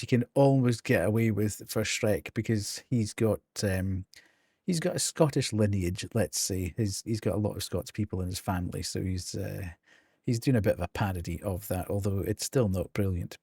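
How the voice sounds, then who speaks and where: A man's voice: lowish voice, a little mellow, slightly rough, no echo, studio quality. A middle-aged man with a Geordie accent, chatting casually on a live game stream, laughing often between ums and restarts.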